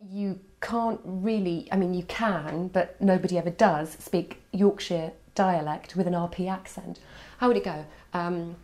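Woman, somewhat low voice, academic, explaining step by step. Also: fairly even intonation, mellow. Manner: measured, explaining. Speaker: language scholar. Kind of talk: explanatory interview.

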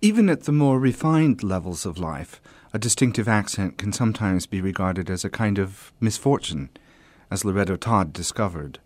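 A man's voice: on the low side, lively intonation, normal speed, darkish tone, no echo. A man presenting in formal scripted narration, also asking interview questions.

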